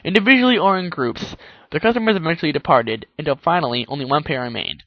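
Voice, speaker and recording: A man's voice: a little high, fast, dry recording, lo-fi sound. A man reading fan fiction aloud in a casual way, often stumbling and correcting himself. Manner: stumbles, self-corrects, laughs at the text. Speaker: narrator.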